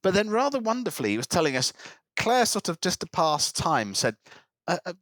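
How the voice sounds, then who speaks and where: A man's voice: mid-range voice, fairly quick, no room sound. A man telling a long anecdote in casual podcast chat, slipping into voices for the people in his story. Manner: animated anecdote teller, slips into character voices. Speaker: podcast co-host.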